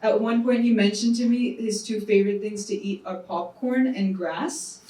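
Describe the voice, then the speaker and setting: Woman, actor, grew up in India, animated storyteller, panel Q&A, echoey room, far mic. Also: medium pitch, normal speed, heavy background noise. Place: private screening venue. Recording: roomy hall, far from mic.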